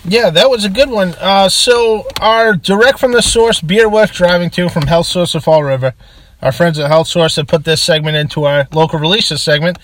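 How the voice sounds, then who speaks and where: A man's voice: high voice, moderate pace, a bit bright, a little hiss or hum. A man from Massachusetts with a Boston accent, co-hosting a casual beer podcast and reading sponsor segments. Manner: chatty, reads ad segments. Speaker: podcast co-host. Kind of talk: casual chat.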